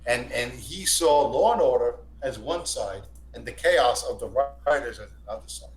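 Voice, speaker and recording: A man's voice: medium pitch, lively intonation, moderate pace. A man telling a long, rambling, profane story on a stream, repeating and restarting himself often. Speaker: stream guest. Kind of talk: casual storytelling. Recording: echoey room with faint hum.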